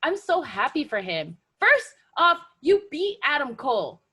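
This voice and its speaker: Excitable bright-voiced woman podcaster. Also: unhurried. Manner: excitable, swears freely, jumps into high squeals. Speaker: podcast co-host. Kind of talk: casual chat.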